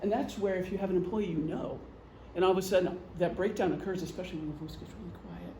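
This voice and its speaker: A woman's voice: lowish voice, fast, mellow, slight background noise. Chatty woman lecturing in an echoey room. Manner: chatty, joking, acts out gestures. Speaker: presenter, retired police officer and veteran. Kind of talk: casual lecture.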